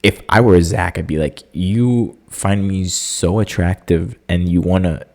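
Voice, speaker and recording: Young guy rambling on his own podcast, deep voice, loose and jokey, tons of "like". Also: measured pace, creaky. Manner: animated, jokey, many fillers, squeaky excited impressions. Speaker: podcast host. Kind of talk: casual solo podcast chat.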